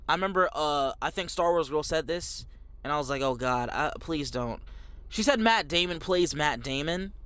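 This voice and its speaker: Ranting man with a high-ish voice. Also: a bit bright, dry recording. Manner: emphatic, repetitive, slangy, calls viewers bro. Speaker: movie reviewer. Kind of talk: out-of-theater reaction rant.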